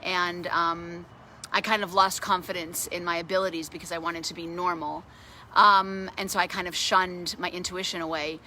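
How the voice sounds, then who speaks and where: A middle-aged woman who runs an animal sanctuary tells a personal story in a casual, animated way. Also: lowish voice, normal speed, slight background noise. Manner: animated, grows excited while retelling a story. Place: outdoors at a farm sanctuary.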